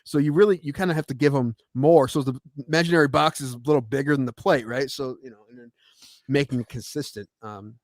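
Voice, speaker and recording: Man, 30s, podcast co-host; fast, animated storyteller, dry mic. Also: mid-range voice, no room sound. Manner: storytelling, animated quoted voices. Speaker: podcast co-host, baseball umpire. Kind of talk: casual chat.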